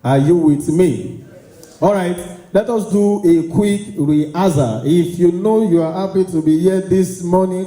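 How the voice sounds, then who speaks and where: A man's voice: high voice, measured pace, mellow. A man, working as MC at a conference and firing up the crowd with call-and-response and calls for applause. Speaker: event MC. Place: conference hall. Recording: echoey hall.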